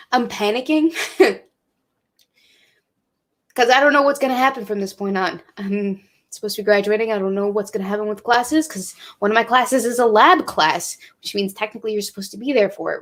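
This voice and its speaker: A woman's voice: mid-range voice, quick pace, a bit bright. Young woman vlogger, tipsy, emotional, swears a lot, casual chat. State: drinking, tipsy. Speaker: college student vlogger.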